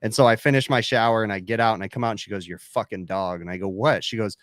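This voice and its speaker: Fast-talking man telling anecdotes. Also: fairly low pitch, dry recording, clean studio sound. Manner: quick, rambling anecdotes with swearing. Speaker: podcast co-host. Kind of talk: casual chat.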